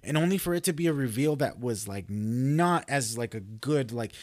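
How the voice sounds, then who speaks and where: A man's voice: medium pitch, expressive, moderate pace, dry recording, studio quality. A man talking casually on a podcast, rambling with many restarts and heavy swearing. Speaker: podcast host.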